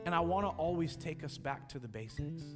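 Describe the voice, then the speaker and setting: Earnest pastor guy, kinda high voice, preaching in a reverby hall with guitar playing behind. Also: animated, brisk. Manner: earnest, emotional, repeats words when he pushes. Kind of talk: sermon leading communion. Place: large church hall. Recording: church hall reverb with music.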